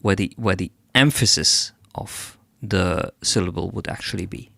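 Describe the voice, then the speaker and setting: A man hosting a live stream who critiques a listener's song in an analytical way. He often pauses to search for the right word. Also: low voice, vocal fry, pushed and bright. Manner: analytical, searches for words, hums melodies to demonstrate. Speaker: music feedback streamer.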